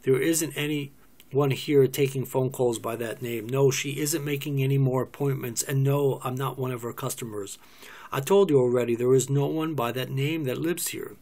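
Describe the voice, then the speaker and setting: A man's voice: mid-range voice, fairly even intonation, normal speed, darkish tone, natural voice. A man reading a weary, wry husband. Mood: exasperated. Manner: dry, sardonic.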